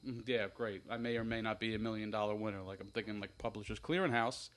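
A man's voice: fairly low pitch, fairly even intonation, quick pace, fairly bright tone. A man with a slightly nasal voice, co-hosting a casual podcast and telling a long rambling story between laughs. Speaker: podcast co-host. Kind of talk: casual banter.

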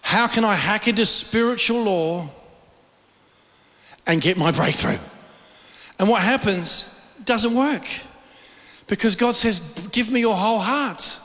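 A man's voice: high-pitched, slow pace, pauses often, fairly bright tone. A middle-aged man preaching a conversational sermon, informal and often repeating words as he searches for the phrasing. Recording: long reverb of a large hall.

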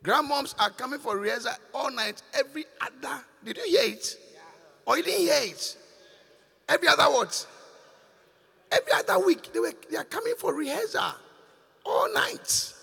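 A man's voice: very high-pitched, sing-song, moderate pace, gravelly, pauses often, sharp tone. An older man, a bishop preaching to his congregation, questioning and scolding them in call-and-response. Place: large church hall. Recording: long reverb of a church hall.

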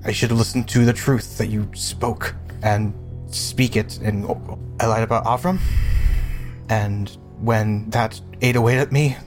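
A man's voice: on the low side, steady tone, measured pace, over music, natural voice. A man voicing a guilt-ridden young man who is confessing his lies in an anguished, rambling way, in a tabletop game.

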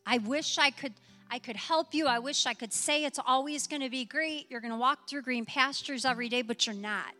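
A woman's voice: high-pitched, normal speed, bright, forceful tone, in a large hall, faint music behind. A woman pastor preaching a sermon in a church, with impassioned, emphatic repetition, then closing in prayer. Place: church sanctuary.

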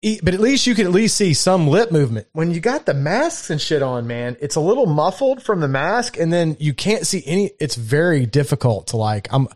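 A man co-hosting a podcast in casual chat, animated and profane, often laughing. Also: on the high side, brisk, few pauses. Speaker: podcast co-host.

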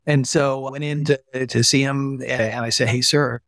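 A middle-aged man, a retired army physician, talking as a guest in an interview and telling lively stories. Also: mid-range voice, normal speed, gravelly, no room sound, clean studio sound. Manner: animated storyteller, acts out quoted voices. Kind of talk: conversational storytelling interview.

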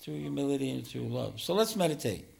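A man giving a spiritual teaching talk as a meditation teacher, gentle and self-deprecating, often chuckling. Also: mid-range voice, lively intonation, brisk, creaky.

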